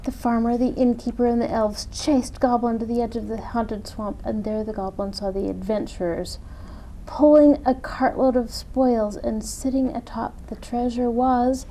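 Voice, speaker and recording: A woman reading a children's picture book aloud with expressive delivery. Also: on the high side, normal speed, a little hiss or hum, poor audio. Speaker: story reader. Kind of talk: children's storytime read-aloud.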